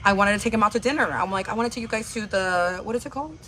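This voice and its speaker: A woman's voice: mid-range voice, rapid-fire, a bit bright, a little hiss or hum. Woman host, chatty and meandering, mid-range voice, casual storytime delivery. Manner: rambling, heavy on filler words. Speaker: livestream host telling a story.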